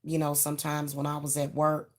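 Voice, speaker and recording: This middle-aged woman hosts a channel and gives parents frank advice, talking casually to camera. Her deep, monotone voice moves fairly quickly, and her chatty speech is full of fillers and restarts.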